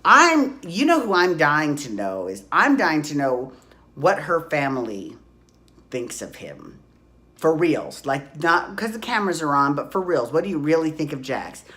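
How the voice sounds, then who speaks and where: Woman in her 40s dishing on reality tv, swears a lot, lowish voice, phone mic. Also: measured pace. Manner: gossipy, profane, excitable. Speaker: podcast host. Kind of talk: casual reality TV recap. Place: hot room at home.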